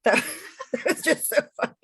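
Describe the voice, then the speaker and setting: A woman co-hosting a podcast in relaxed casual chat, laughing along. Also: normal speed, no echo. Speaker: podcast co-host. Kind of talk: casual chat about a TV comedy.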